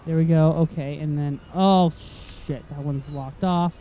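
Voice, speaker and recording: A gameplay commentator whose voice is going hoarse, talking through a tricky puzzle and getting more frustrated, swearing and complaining at the game. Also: medium pitch, steady tone, measured pace, warm tone, dull audio, slight background noise. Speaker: video game let's-play host.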